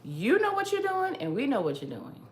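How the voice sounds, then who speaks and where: A woman's voice: high voice, wildly swooping pitch, normal speed, echoey room, slight background noise. A woman hosting her own show, giving an emphatic opinion monologue and repeating her points to drive them home. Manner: emphatic, repetitive, lecturing. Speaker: host.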